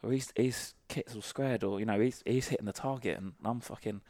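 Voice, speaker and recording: Gravelly man swapping army stories. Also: mid-range voice, brisk, a little mellow, dry recording. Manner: salty, sweary anecdotal storytelling. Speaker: guest, former army sniper. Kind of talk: casual podcast interview.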